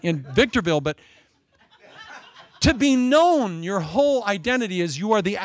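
A man preaching a sermon in an animated, joking way. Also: sits high, normal speed, pauses often. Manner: animated, joking, with frequent laughs.

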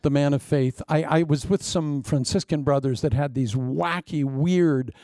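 A man's voice: on the high side, measured pace, dark tone, dry recording, studio quality. An older man preaching as a pastor, telling humorous stories with a jokey, self-mocking manner and acting out quotes. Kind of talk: humorous storytelling sermon.

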